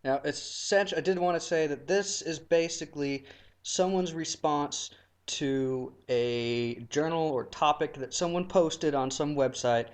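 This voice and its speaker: A man co-hosting a casual podcast, jokey and quick to laugh. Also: mid-range voice, clean tone. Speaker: podcast co-host.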